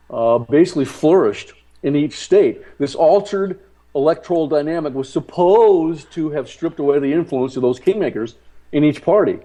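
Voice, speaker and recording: A man discussing politics as a talk show guest, halting and repeating words, then pressing his points hard. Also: mid-range voice, mellow, rough recording. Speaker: guest commentator.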